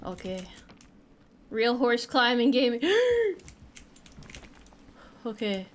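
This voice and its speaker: Her pitch is fairly high and her pace measured. She's a young woman streaming a game, keeping the chat light, cracking jokes, and tossing in casual swears as she plays.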